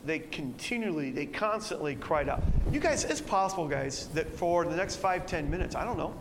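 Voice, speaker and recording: A male pastor preaching through scripture, voice swelling loud as he reads the verses and falling low and quiet to reflect. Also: long reverb tail, slight background noise. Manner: animated, rising loud when quoting verses, dropping low to reflect. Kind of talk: expository sermon reading scripture. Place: church sanctuary.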